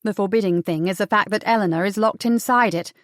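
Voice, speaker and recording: A woman's voice: medium pitch, fast, no echo, natural voice. A spirited young heroine mutters her lines with a dry, sardonic edge, as a woman narrator puts her on. The audiobook recording is close and dry.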